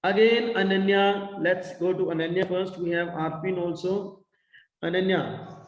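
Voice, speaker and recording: Man, teacher on a video call, high voice, echoey room, long reverb. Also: steady tone, measured pace, highs cut off. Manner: encouraging, repetitive praise. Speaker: English teacher. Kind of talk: online class teaching.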